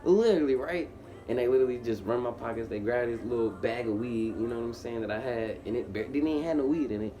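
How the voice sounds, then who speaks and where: A young man tells a wild true story in loose, slangy casual talk, leaning on the same fillers over and over. When he quotes himself, his voice climbs much higher and gets louder and slower. A faint hiss of noise sits behind him. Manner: animated, slangy, heavy repeated fillers.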